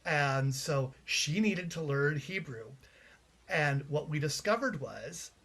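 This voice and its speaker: A Canadian playwright chats casually in an interview, telling anecdotes and restarting his sentences often. His voice is fairly high and bright, animated yet slow-paced.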